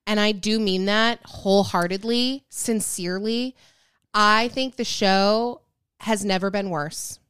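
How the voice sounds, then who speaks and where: A woman co-hosting a podcast, blunt and wry in her opinions. Her voice is smooth and clear. It is recorded dry and close. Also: mid-range voice, measured pace, a bit bright, no echo. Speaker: podcast co-host. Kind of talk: casual chat.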